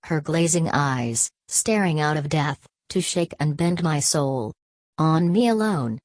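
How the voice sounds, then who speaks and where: A woman narrating a literary audiobook with a measured reading. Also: low voice, lively intonation, darkish tone, no echo. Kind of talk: scripted narration.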